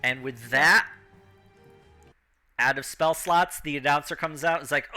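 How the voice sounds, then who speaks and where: A man narrating as game master of a tabletop game, acting out the crowd and announcer in an animated way. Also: mid-range voice, moderate pace, faint music behind.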